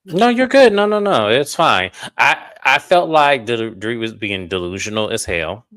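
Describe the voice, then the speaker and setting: Man, co-host, bright forceful voice, opinionated, casual chat. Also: mid-range voice, lively intonation, moderate pace. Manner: frank, opinionated, talks it through. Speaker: show co-host. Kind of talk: casual reality TV recap chat.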